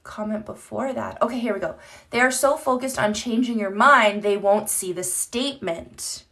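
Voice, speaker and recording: A woman's voice: on the high side, moderate pace, pushed and bright. A woman chatting candidly on a live stream into her phone, rambling and swearing casually as she reads comments.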